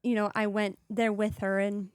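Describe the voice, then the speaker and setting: A woman's voice: mid-range voice, level tone, normal speed, clear, resonant tone, no room sound, clean studio sound. A young woman guest on a podcast, telling her own story in a casual, earnest, rambling way, full of "like" and "you know". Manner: earnest, rambling, heavy use of "like". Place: podcast studio.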